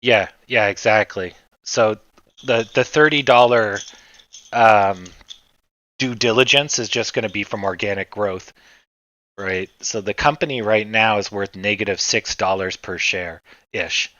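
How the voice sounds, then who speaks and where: Low bright-toned man rambling on a stream. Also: a little slow, dry recording, dull audio. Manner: rambling, filler-heavy, swears casually. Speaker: stock trading livestream host. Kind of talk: casual livestream chat.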